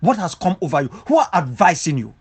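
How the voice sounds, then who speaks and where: A man delivers an impassioned rebuttal as an independence leader. His pitch rises and falls widely as he hammers home repeated rhetorical questions. His manner stays emphatic and insistent throughout. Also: very animated, quick pace, breathy edge. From Cameroon, southwest region.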